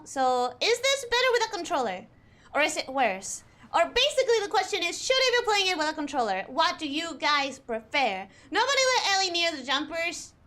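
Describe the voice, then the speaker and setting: A young adult woman streaming a game, chatting casually with her chat, excitable, laughing often and repeating herself. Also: high voice. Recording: music playing in the background.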